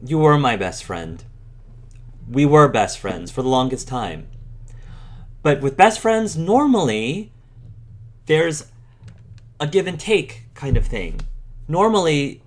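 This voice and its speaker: A man's voice: medium pitch, close to an everyday voice. A man voicing a weary, resentful wife and mother in a tabletop role-play, speaking with tired, defensive bitterness.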